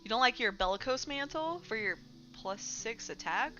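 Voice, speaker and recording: Bright-voiced woman streamer, swearing casually. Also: on the high side, lively intonation, normal speed, highs cut off, soft background music. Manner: blunt, swears casually, chatty. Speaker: streamer host. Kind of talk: casual livestream commentary.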